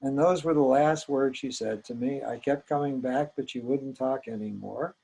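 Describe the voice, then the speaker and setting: Older male storyteller: gravelly, slightly husky, reflective and gentle. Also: medium pitch, moderate pace, poor audio. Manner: reflective, gentle, with small hesitations. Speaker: psychologist recounting his training. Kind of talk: personal storytelling.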